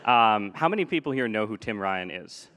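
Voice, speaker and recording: A man's voice: lowish voice, expressive, normal speed, fairly bright tone. A man in his thirties, co-host of a podcast, talking in a joking, rambling way with many restarts during a live debate on stage. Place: stage before a live audience.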